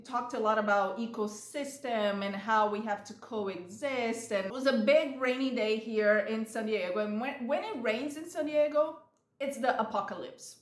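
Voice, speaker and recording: A woman's voice: on the high side, moderate pace, roomy sound. A woman vlogging in a chatty, rambling way, retelling movie scenes with animation. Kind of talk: casual chat. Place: lives in San Diego.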